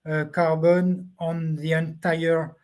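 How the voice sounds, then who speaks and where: A man speaking as a panelist on an online discussion, halting and searching for his words over a video call. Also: on the high side, flat delivery, darkish tone.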